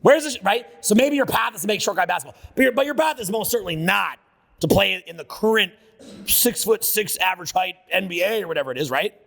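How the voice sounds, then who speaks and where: A man with a fairly high voice and a gravelly edge leads a live seminar, talking brashly and profanely. He riffs off the cuff, and his voice carries through a hall with a long reverb. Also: expressive, quick pace, a bit bright. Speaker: seminar speaker. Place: seminar room with an audience.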